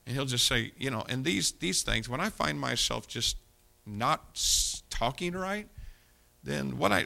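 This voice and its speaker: A male pastor delivers a sermon in a bright, forceful voice with a gravelly fry underneath. He mixes scripture reading with plain, folksy talk aimed at his listeners. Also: medium pitch, lively intonation, normal speed.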